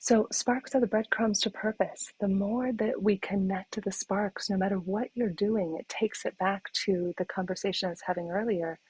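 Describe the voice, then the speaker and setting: A woman's voice: medium pitch, husky, no echo, poor audio. A middle-aged woman hosting a livestream wellness talk, telling stories in an earnest way and acting out the voices she quotes. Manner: earnest, storytelling, animated quotes. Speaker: host and speaker.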